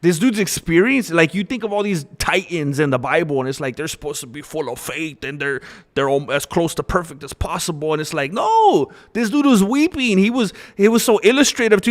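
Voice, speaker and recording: A young man talks loosely to his viewers on a livestream, candid and rambling. His voice sits a little higher than most men's. He stops now and then to answer the chat. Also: lively intonation, a little fast, few pauses. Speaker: livestream host.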